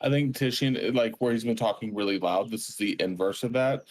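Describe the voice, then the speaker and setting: A man's voice: on the low side, a little fast, darkish tone, no room sound. A man playing a tabletop role-playing game, joking playfully and often stumbling over his words. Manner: playful and jokey, stammering restarts. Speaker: player. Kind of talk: casual tabletop role-play.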